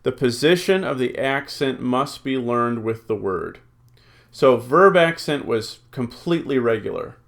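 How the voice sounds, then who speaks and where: A man teaching a recorded Greek lesson, slowly drilling word forms, reading out rules and thinking aloud with many ums and uhs. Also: mid-range voice, lively intonation. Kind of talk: recorded classroom lecture.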